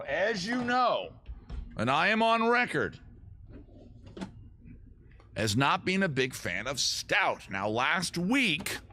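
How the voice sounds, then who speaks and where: A man's voice: a little high, pushed and bright, slight background noise. A middle-aged man hosting a casual livestream, joking and rambling in a self-mocking way. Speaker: host of a livestream music and beer show. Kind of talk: casual livestream chat and singing with guitar.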